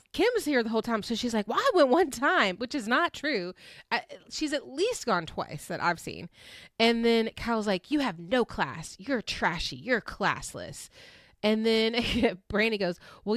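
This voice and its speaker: A woman's voice: on the high side, no room sound, clean studio sound. A young woman hosting a casual recap, telling the story with frequent laughter and acting out the quotes. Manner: animated, laughs often, acts out quotes. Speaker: podcast host recapping a reality show.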